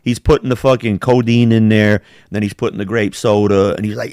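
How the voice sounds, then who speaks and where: Male co-host, mid-pitched, rambles and swears through his stories, dry close sound. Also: brisk, few pauses, darkish tone, dry recording. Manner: rambling, profane storytelling with quoted voices. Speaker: podcast co-host. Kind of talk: casual chat.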